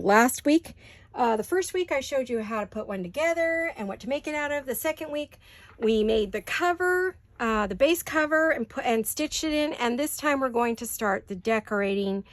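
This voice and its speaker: A woman's voice: on the high side, no room sound. A woman hosting a craft video from her home studio, chatting and thinking aloud as she works, with the hiccups. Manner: chatty, thinks aloud while working, asks viewers questions. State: has the hiccups. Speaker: craft channel host. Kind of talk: casual craft-along chat.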